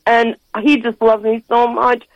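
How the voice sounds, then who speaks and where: A woman's voice: on the high side, completely flat delivery, measured pace, dry recording. A woman in her sixties calling in to a radio show, chatting effusively and rambling with frequent giggles. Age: 60s. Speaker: caller. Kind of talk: call-in radio chat. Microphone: telephone. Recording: dull phone line.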